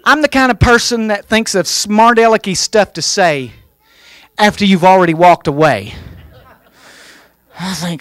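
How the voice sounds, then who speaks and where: A male guest pastor preaching a revival sermon in a church, fervent, with folksy humor, swinging from quiet asides to loud shouted calls. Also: sits high, unhurried, pauses often, dry recording.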